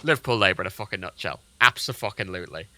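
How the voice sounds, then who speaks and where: A man's voice: low voice, animated, very fast, bright, forceful tone, a little hiss or hum. A man livestreaming a flight game, ranting sarcastically about local politics with lots of swearing. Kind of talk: casual gaming-stream rant.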